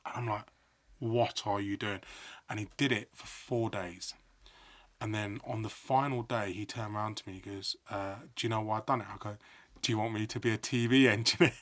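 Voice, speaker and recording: Podcast guest, man, middle-aged, animated storyteller, lower voice. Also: a little fast. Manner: animated storyteller, acts out quotes. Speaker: podcast guest, sports broadcaster. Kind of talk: casual storytelling chat.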